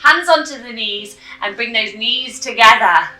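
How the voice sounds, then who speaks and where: A woman guides children through yoga poses while telling a story, her voice slightly high and very bright, unhurried and encouraging. The room is echoey, the mic sits back from her, and soft music plays underneath. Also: far from the mic. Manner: gentle, encouraging instructions. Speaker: kids yoga teacher.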